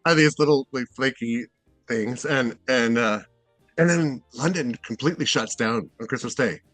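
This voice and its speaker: A man's voice: mid-range voice, moderate pace, a bit bright, no room sound, faint music behind. A middle-aged man from Seattle, a guest in a casual interview, rambling and hesitant with many fillers and restarts. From Seattle, USA.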